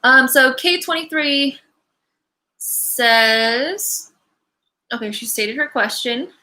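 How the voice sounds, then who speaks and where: A woman's voice: sits high, slow, pushed and bright, low-quality recording. A young woman hosting a live card-reading Q&A from her home, chatting casually and rambling with many fillers and apologetic asides. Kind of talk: casual livestream chat. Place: her home, animals around.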